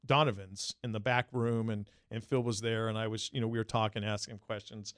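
A man co-hosting a sports podcast, telling stories in an animated way and jumping up in pitch when he quotes people. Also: fairly quick, no echo, clean studio sound. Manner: animated storyteller, jumps high when quoting people. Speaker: podcast co-host. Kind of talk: casual sports talk.

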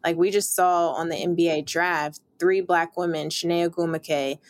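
A woman's voice: lowish voice, steady tone, moderate pace, dry recording. A young woman sports reporter, interviewed, talking in upbeat, emphatic bursts with occasional laughs.

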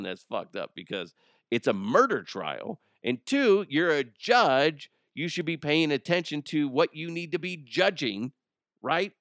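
A man's voice: on the low side, clear, resonant tone, dry recording, studio quality. Laughing, swearing podcast host man. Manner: laughing, animated, swears freely. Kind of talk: casual solo chat.

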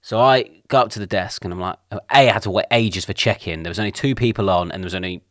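A man's voice: low voice, quick pace, fairly bright tone, no echo, studio quality. A man, co-hosting a podcast and telling a long rambling story, acting out other people's lines. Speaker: podcast co-host. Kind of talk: casual chat.

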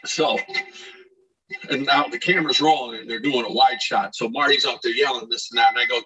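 A middle-aged man from Scranton telling animated anecdotes in a casual podcast chat, acting out shouted quotes. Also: mid-range voice, a little fast, breathy edge, distant mic, low-quality recording. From Scranton, Pennsylvania. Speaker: podcast guest, actor and DJ. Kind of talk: casual storytelling.

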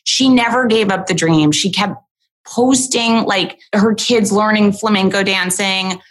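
A woman's voice: mid-range voice, measured pace, a bit bright. A woman comedian guesting on a podcast, chatting casually in a self-deprecating way with lots of filler words.

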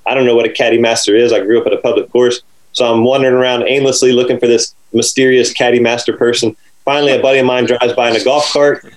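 A man telling a lively anecdote about his caddying days in conversation. He laughs often and acts out other people's lines. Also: medium pitch, fast, rough recording. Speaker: former caddie telling a story.

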